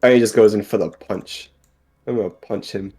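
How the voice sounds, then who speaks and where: A man playing a tabletop game, laid-back and halting, repeating words as he goes. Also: lowish voice, fairly even intonation, dark tone, breathy edge. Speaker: player.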